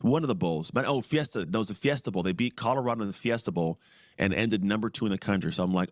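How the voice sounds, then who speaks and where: A man in his forties, a former pro football player guesting on a podcast, telling his story in a lively way, acting out what others said and laughing often. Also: lowish voice, fast talker, no room sound, clean studio sound. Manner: animated, acts out quoted voices, laughs often. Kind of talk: storytelling in casual interview.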